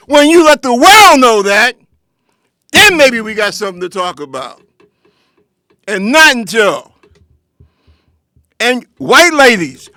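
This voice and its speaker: High-voiced man delivering a fiery lecture. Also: bright, forceful tone, dry recording. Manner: lecturing, confrontational, addresses listeners directly. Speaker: political commentator hosting his own show. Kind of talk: impassioned political commentary monologue.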